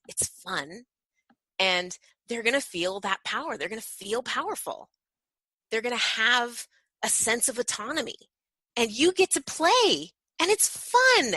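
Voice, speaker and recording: Woman, parent coach, bright tone, dry close sound, animated storytelling. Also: on the high side, dry recording, rough recording. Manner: animated, acts out playful parent voices. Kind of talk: podcast interview.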